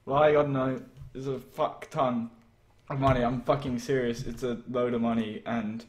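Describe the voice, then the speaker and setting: A man's voice: medium pitch, flat delivery, moderate pace, roomy sound. A young man live streaming, overwhelmed and emotional, shaking as he stammers out exclamations and swears.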